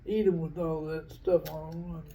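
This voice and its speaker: A man's voice: on the high side, level tone, measured pace, gravelly, warm tone. An older man, the host's father, chatting at the dinner table in short, repetitive remarks. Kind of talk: casual chat at the dinner table. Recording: phone-like narrow sound with faint hiss.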